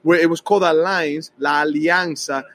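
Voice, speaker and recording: A young man, a guest musician telling his story in animated, rapid casual chat, slipping in Spanish words. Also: on the high side, low-quality recording. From New York City.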